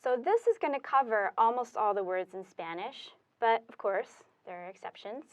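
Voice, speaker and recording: An animated woman with a fairly high voice teaches Spanish in a classroom, writing on the board as she explains each step. The pace is slow and deliberate, and she uses fillers.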